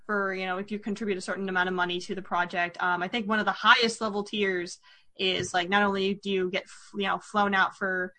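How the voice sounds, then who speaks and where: A woman's voice: mid-range voice, flat delivery, fairly quick, sharp tone. A woman hosting a podcast in casual chat, rambling with lots of fillers and restarts. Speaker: podcast host.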